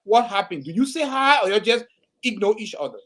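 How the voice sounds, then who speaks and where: A man's voice: high voice, very animated, fairly quick, fairly bright tone. A man hosting a casual live-stream panel chat, rambling with stammered restarts and frequent laughter. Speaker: host.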